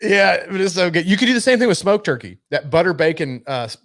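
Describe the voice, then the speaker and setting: A man's voice: high-pitched, fast talker. A man co-hosting a podcast in casual chat, telling stories with a lot of swearing and laughter. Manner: animated, laughing, profane storyteller. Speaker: podcast co-host.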